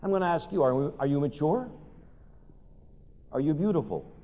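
A man's voice: on the high side, moderate pace. Older man preaching in an echoing hall. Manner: animated storytelling, asks the audience questions. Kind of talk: sermon with humorous stories. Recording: dull recording in a long-reverb hall.

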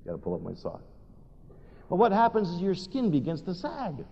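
An older man delivers a sermon full of stories and questions to the congregation. His fairly high voice swings widely in pitch as he tells it. The sound is dull and carries the long reverb of a large hall. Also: normal speed, vocal fry, slightly rough. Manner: animated storytelling, asks the audience questions. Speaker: preacher.

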